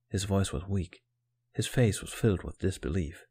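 A man narrating a fan fiction story as an audiobook, in a calm, steady storytelling manner. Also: sits low, moderate pace, breathy edge.

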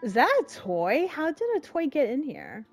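A young woman giving emotional, dramatic let's-play commentary in casual slang, reacting loudly to what happens in the game. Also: high voice, sing-song, normal speed, soft background music. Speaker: gamer.

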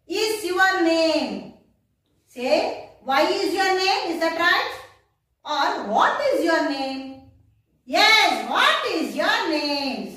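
A woman's voice: very high-pitched, a bit bright. A woman teaching a first-grade English class, speaking with an Indian English accent and spelling words out letter by letter. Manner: slow, sing-song teacher talk, spelling words out letter by letter. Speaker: primary school English teacher. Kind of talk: recorded online class. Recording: echoey room, voice from a distance.

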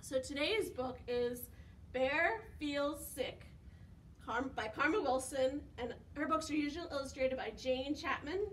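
Preschool storytime reader, woman, high and very slow, far from the mic. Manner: animated, asks kids questions, gasps for effect. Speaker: children's librarian. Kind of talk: preschool storytime read-aloud. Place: library. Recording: distant mic with faint background noise.

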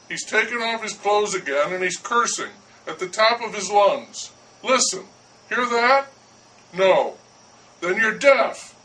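A man voicing an irate French baker who shouts and blusters at a neighbor. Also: high voice, recorded from a distance, a little hiss or hum, pitched above the performer's own voice, rough recording. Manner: loud, indignant, blustering.

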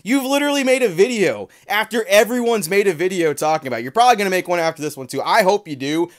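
A man's voice: high-pitched, animated, quick pace, hardly any pauses. A man delivering a heated, profane, sarcastic commentary rant in a vlog. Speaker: trading card commentary creator.

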